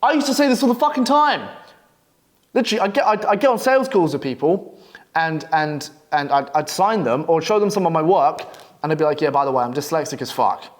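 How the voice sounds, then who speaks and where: Young male coach, slightly high voice, brash and profane, blunt storytelling delivery. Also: a little fast. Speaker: copywriting coach. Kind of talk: profane, blunt advice monologue.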